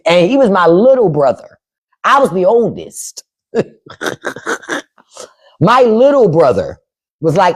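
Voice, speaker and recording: A husky, lowish woman's voice with a sing-song lilt, speaking slowly with long pauses. She's in her fifties, hosting a casual podcast livestream, blunt and profane, laughing as she quotes her elders. The audio comes through a phone or webcam livestream mic.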